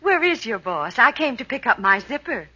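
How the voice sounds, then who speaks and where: A woman's voice: a little high, big pitch swings, moderate pace, slightly rough, heavily acted. An actress playing a sultry, demanding showgirl who coos and bosses in a vintage radio comedy. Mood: indignant. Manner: coy and cooing, turning sharp and bossy. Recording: muffled old radio recording with hiss.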